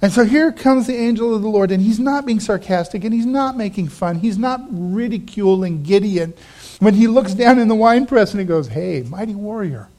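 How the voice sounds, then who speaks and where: A man preaching a sermon as a pastor, animated and acting out the quoted voices, dropping to quiet asides. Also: high voice, normal speed.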